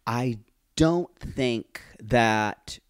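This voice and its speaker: A man's voice: mid-range voice, very slow, smooth, dry recording. A man co-hosting a podcast, chatting casually and animatedly about a reality show. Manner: chatty, animated, acts out quotes. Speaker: podcast co-host.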